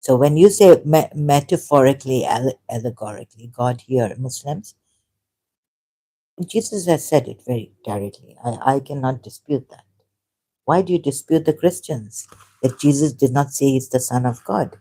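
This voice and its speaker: A woman, hosting a livestream and talking off the cuff in a rambling, animated way, often breaking into laughter. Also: extremely low pitch, normal speed. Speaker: livestream host. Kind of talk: unscripted livestream monologue.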